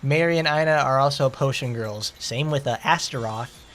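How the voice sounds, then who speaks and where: A man with a Southern accent giving rambling, excitable commentary while playing a game. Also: mid-range voice, normal speed. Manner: rambling, excitable, lots of fillers. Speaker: gaming streamer.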